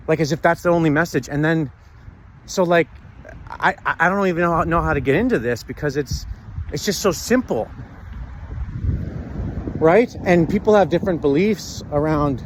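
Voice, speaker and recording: Male vlogger, fairly high voice, earnest, halting delivery, outdoors on foot. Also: a little hiss or hum. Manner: earnest, halting, searching for words. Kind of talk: reflective personal talk. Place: outdoors, walking in the sunshine.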